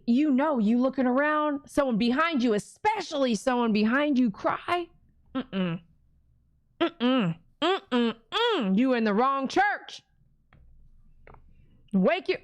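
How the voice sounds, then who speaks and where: In a high, sing-song voice, a woman speaks slowly and pauses often, recorded at studio quality with no room sound. Hosting a casual livestream, she reads viewer comments and responds in an emphatic, preachy way, humming "mm-mm" frequently between points.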